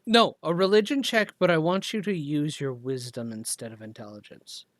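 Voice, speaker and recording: A game master narrating a tabletop game, describing scenes in a halting way with many fillers. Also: mid-range voice, no room sound.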